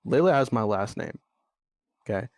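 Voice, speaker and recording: A man's voice: on the low side, expressive, moderate pace, a little mellow, no room sound, studio quality. A young man hosting a podcast, talking bluntly and venting about co-parenting, swearing freely and getting exasperated. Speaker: podcast host. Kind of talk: candid monologue.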